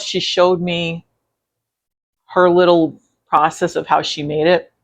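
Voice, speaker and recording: A woman's voice: low-pitched, highs cut off. A woman vlogging about quilting in a casual, rambling way, with many fillers and self-corrections. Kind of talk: casual chat reviewing videos.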